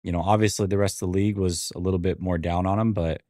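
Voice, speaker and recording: A man's voice: low-pitched, fairly even intonation, quick pace, dark tone, dry recording, studio quality. A man hosting a live sports stream, reacting casually and rambling, often repeating himself with wry asides. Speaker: sports show host.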